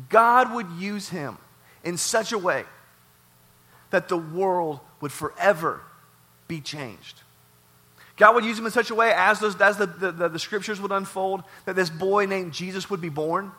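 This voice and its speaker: Bright, dynamic preaching man. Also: high voice. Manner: dynamic preaching, repeats phrases, swings loud to soft. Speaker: pastor. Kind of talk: sermon. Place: warehouse church.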